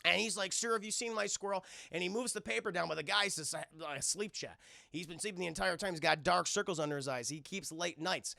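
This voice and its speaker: A man's voice: sits high, brisk, vocal fry, sharp tone, dry recording, studio quality. A man casually retelling a film scene by scene to his live chat, swearing freely and addressing the chat constantly. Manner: profane, keeps addressing chat. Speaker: streamer, film reviewer.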